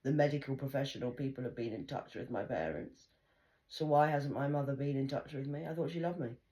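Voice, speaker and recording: A woman's voice: rumbling low, a little fast, warm tone. A woman vlogger talking in a blunt, rambling monologue full of swearing while she smokes.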